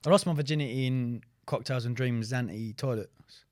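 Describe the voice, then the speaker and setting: A man's voice: medium pitch, moderate pace, no room sound, studio quality. A young man co-hosting a podcast, talking in blunt, laddish banter. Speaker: podcast co-host. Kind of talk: casual chat.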